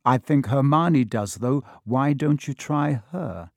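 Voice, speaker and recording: A man voicing a young schoolboy wizard who answers quietly and defiantly. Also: medium pitch, slow pace, no echo, clean studio sound.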